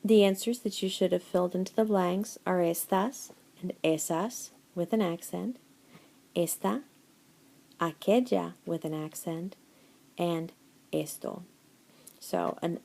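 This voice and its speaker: A middle-aged woman teaches a recorded Spanish lesson over slides, patient and encouraging. Her voice sits a little low, with a mellow, gravelly edge. She reads answer lists slowly and deliberately, slipping Spanish phrases into her English.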